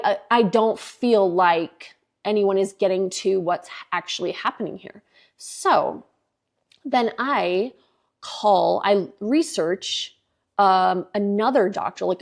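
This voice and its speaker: A woman's voice: mid-range voice, creaky. A woman, probably in her thirties, hosting a podcast and telling a personal story in a casual, chatty monologue, exasperated and swearing freely as she acts out the dialogue. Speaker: podcast host.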